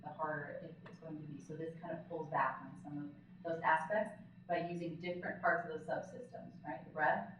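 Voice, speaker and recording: A woman's voice: low voice, fairly even intonation, a little fast, background noise. A woman speech-language pathologist giving a conversational live workshop talk, often checking in with the audience with "okay?". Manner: demonstrates voice techniques as she explains them. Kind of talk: live conference lecture. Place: large conference hall. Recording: very echoey hall, distant, dull lo-fi sound.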